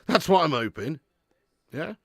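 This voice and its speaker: A man's voice: fairly high pitch, very animated, unhurried, background noise. A man hosting a live football watch-along, joking and laughing as he thanks viewers for super chats.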